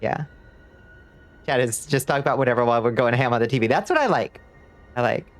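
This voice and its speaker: A man's voice: mid-range voice, brisk. Playful gaming streamer, man. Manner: playful, greets chat warmly, laughs often. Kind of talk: casual live-stream chat while gaming. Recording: faint music behind.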